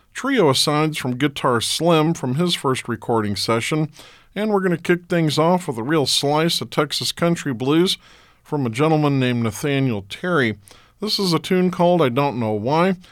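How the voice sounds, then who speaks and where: Male radio host, relaxed informative delivery, dry close studio sound. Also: fairly high pitch, moderate pace, no room sound. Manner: relaxed, informative back-announcing. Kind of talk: radio show announcing.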